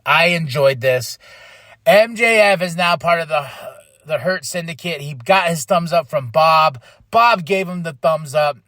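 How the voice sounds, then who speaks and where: A man hosting a podcast, recapping wrestling in casual talk and acting out quoted lines in quick mock voices. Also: a little high, bright, forceful tone, dry recording, clean studio sound. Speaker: podcast host.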